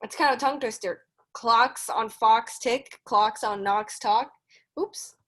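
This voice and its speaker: A woman presenting a read-along for young children over a video call, reading a picture book aloud slowly and carefully, with encouraging asides to the kids. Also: fairly high pitch, a bit bright.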